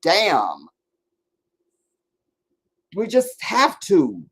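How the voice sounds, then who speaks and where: A man hosting a live stream and answering viewers' comments, talking bluntly and emphatically, dropping to low mutters and rising to insistent points. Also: wildly swooping pitch, very slow, fairly bright tone. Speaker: livestream host answering chat. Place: sitting in front of a camera for a live stream.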